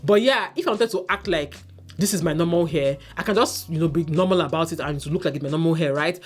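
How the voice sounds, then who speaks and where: A woman's voice: low voice, quick pace, slightly rough. A woman giving an exasperated, ranting review of a reality dating show, mock-quoting the cast as she goes. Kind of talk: casual opinionated review.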